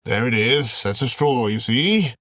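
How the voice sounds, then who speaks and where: A man's voice: mid-range voice, animated, unhurried, a bit bright, no echo. A man voicing a tentacled alien invader who hisses and taunts a general. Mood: taunting. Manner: hissing, taunting, theatrical. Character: male tentacled alien invader, gloating and mocking.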